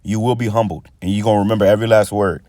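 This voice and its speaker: A man giving a casual preaching monologue, rambling and stammering as he repeats words, and reading scripture slowly and deliberately. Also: fairly low pitch, fairly even intonation, dark tone, dry recording, clean studio sound. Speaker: street preacher.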